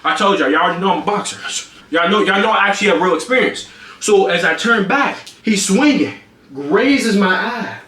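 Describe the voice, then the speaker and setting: An excitable young man tells a story on a live stream, his voice high and bouncing all over the place. He punches it up with sound effects, and the sound is bright and echoes off the room around him. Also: brisk. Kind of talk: animated storytelling on a livestream.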